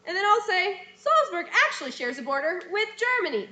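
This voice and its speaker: A woman's voice: extremely high pitch, very animated, fairly quick, few pauses, pushed and bright, reverberant. A young woman teacher walking her students through a scene script, acting out lines in playful voices. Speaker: dance and theater teacher.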